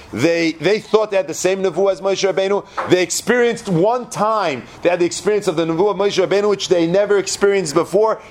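A man giving a Torah class, quoting Hebrew verses and translating them, dropping to a low hush at dramatic moments. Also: a little hiss or hum. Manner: expressive, quotes Hebrew verses then translates. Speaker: Torah teacher.

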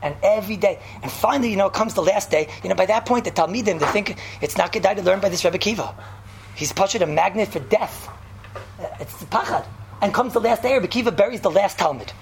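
Fast, gravelly woman preaching with inflection. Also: medium pitch, a little hiss or hum. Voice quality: excitable, stammering restarts, repeats phrases. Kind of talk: mock Torah sermon.

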